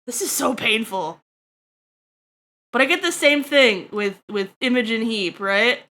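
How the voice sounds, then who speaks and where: A woman chats with her viewers during a livestream, making crude jokes as she goes. Her voice sits high and sounds bright and sharp. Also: measured pace. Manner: crude, joking, chatty with viewers. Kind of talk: casual stream chat while drawing.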